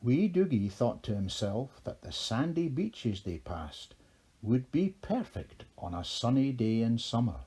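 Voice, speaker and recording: A man narrating a children's storybook in a measured, expressive way. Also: medium pitch, husky.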